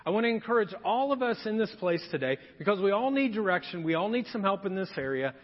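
A man's voice: sits high, animated, fast. A male pastor delivering a humorous storytelling sermon, acting out scenes in quoted voices. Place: church sanctuary. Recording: dull lo-fi sound with long hall reverb.

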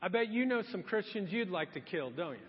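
A man preaching a sermon as pastor, telling the story with lively acted-out quotes. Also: sits high, fairly quick, husky. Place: church hall. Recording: dull, long hall reverb.

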